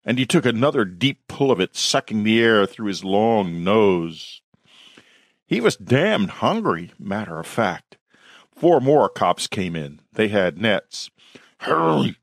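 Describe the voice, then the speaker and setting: Slow, measured male storyteller. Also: fairly low pitch, very animated, no echo, clean studio sound. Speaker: author reading his own story. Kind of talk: scripted horror story narration.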